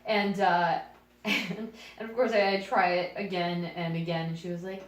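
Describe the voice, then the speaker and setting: A young adult woman, a podcast co-host and actress, telling a casual story in a self-deprecating, animated way and laughing often. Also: medium pitch, normal speed. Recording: echoey room, voice far from mic, faint noise.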